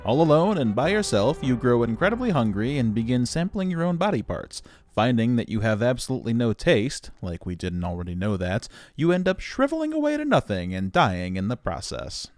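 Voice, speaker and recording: A man's voice: medium pitch, big pitch swings, brisk, few pauses, darkish tone, dry recording, soft background music, close to an everyday voice. A man doing a snarky sci-fi game narrator. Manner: mocking, wry.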